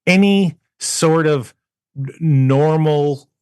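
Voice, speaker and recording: Man telling animated stories on a podcast. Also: on the high side, drawn-out words, smooth, dry recording, studio quality. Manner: animated anecdote teller who mimics people. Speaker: podcast co-host. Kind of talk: casual chat, storytelling.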